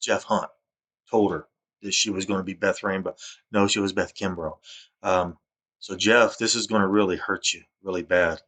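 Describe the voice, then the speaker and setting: A man's voice: sits low, steady tone, normal speed, a bit bright. A man, talking to camera in a rambling, accusatory monologue that keeps repeating itself. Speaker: vlogger.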